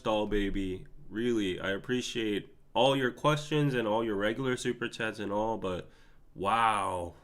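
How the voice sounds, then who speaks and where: A man's voice: fairly low pitch, measured pace, fairly bright tone. A man, hosting a live stream and talking emotionally to his chat. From Korea. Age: 30s. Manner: emotional, laughing, pleading with chat. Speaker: podcast host.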